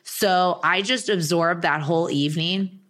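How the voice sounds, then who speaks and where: A young adult woman, a podcast guest, telling a story in an excited, rambling way full of fillers. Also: on the low side, a little slow. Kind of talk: casual chat.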